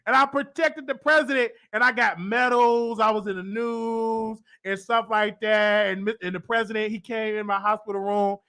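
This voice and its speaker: A man with a Southern US accent talks to his audience in a loose, rambling monologue. His voice sits high and sounds bright and forceful. He gets carried away easily and swings into loud, emotional bursts. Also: steady tone, normal speed, few pauses. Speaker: show host. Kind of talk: casual livestream monologue.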